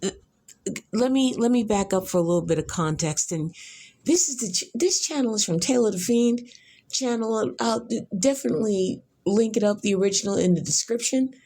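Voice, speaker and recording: A woman's voice: on the high side, expressive, brisk, mellow. A woman hosting a podcast, giving rambling reaction commentary, exclamatory and profane, repeating herself. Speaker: podcast host reacting to a video.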